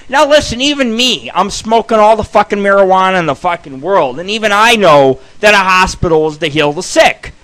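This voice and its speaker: A high-voiced man rambles through a crude, profanity-laden story, his voice bright and cutting. He is a radio host riffing off the cuff, jumping into loud shouted bursts and back. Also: animated, fairly quick, hardly any pauses.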